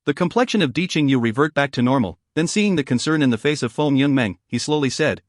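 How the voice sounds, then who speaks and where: A man narrating a fantasy audiobook in a steady storytelling way, recorded on a close mic in a studio. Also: medium pitch, fast, hardly any pauses, no echo.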